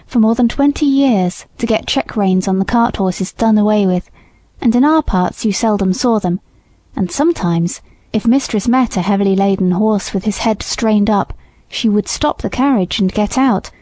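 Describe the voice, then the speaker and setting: A woman reading an audiobook aloud in measured, gentle scripted narration. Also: mid-range voice, dry recording. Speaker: audiobook reader.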